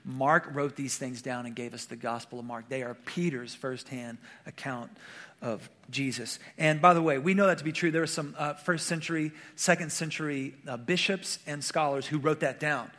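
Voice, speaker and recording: Speaking at medium pitch and normal speed with a slightly bright tone, a male pastor gives a conversational sermon. He keeps asking the congregation questions to check in, using lots of fillers and restarts.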